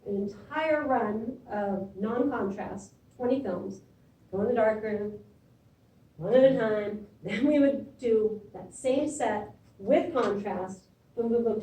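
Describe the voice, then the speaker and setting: A woman's voice: on the high side, warm tone, slight background noise. A middle-aged woman teaching a classroom lecture in a conversational way, often checking in with "okay?". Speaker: imaging instructor. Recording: echoey room from far off.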